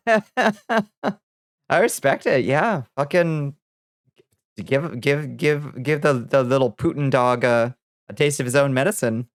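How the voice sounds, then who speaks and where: A woman's voice: very deep voice, unhurried, no echo, studio quality. A woman streamer chatting casually with her viewers, laid-back and swearing freely as she greets people by name. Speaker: vtuber streamer. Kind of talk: casual livestream chat with viewers.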